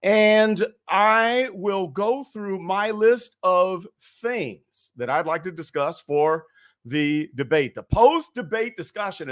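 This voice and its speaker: A raspy-voiced man hosts a live political chat stream from home. He talks to his viewers in a folksy, upbeat way, his voice sitting a little high. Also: a bit bright. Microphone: webcam and computer mic.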